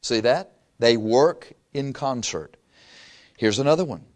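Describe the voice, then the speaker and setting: A man preaching a sermon, acting out little scenes and swinging from loud outbursts to hushed asides. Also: medium pitch, lively intonation, a little slow.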